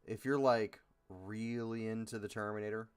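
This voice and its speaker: A man's voice: lowish voice, fairly even intonation, normal speed, a little mellow, clear, resonant tone. A man co-hosting a podcast, chatting casually with dramatic, exasperated asides. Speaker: podcast co-host. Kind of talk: casual chat.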